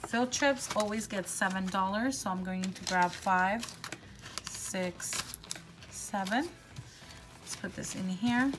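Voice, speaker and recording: A woman vlogger chatting casually while counting cash out loud, excitable and upbeat. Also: mid-range voice, takes it slowly, pauses often, background noise. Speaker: budgeting vlogger.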